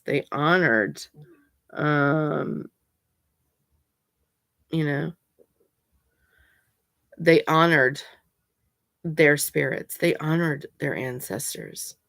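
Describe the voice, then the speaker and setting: Woman, low voice, slow and insistent, lots of ums, chatty vlog. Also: fairly bright tone, no echo, clean studio sound. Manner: emphatic and insistent, chatty with many fillers. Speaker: pagan vlogger. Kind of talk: casual explanatory talk.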